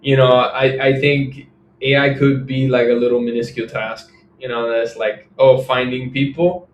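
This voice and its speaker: A young man co-hosting a casual podcast discussion, talking in a relaxed, hedging way. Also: medium pitch, normal speed. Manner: relaxed, hedging, says "if I'm being honest". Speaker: podcast co-host. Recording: echoey room, faint background hiss.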